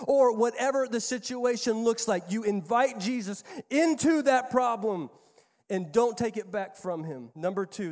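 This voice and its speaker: A man in his thirties preaching a sermon as pastor, emphatic and repeating his key phrases, moving between quiet asides and louder stress. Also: very high-pitched, moderate pace, big-room sound. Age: 30s.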